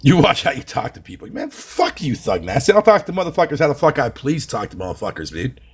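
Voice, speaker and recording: A man's voice: mid-range voice, huge pitch swings, quick pace, husky. A young man from Canada chatting on a live stream, reading his chat aloud with profane, mocking banter.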